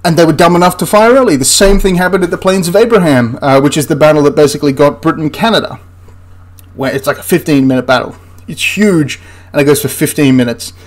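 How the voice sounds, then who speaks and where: Exasperated, sarcastic man with a slightly high voice. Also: quick pace. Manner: sarcastic and exasperated, laughs in disbelief. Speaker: history commentator reviewing a film. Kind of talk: casual commentary over film clips.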